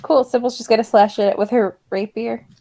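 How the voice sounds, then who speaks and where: A woman's voice: a little high, fairly even intonation, moderate pace, warm tone. A woman playing in a tabletop game, speaking lightly and playfully. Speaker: player. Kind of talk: casual tabletop play. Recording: dull lo-fi mic.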